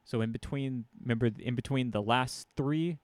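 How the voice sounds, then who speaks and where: This man, a drum teacher, runs a casual lesson in a room with a drum kit, with drums played between his talk. His voice is medium-pitched and his pace moderate as he explains hits and counts beats aloud. There's no room sound.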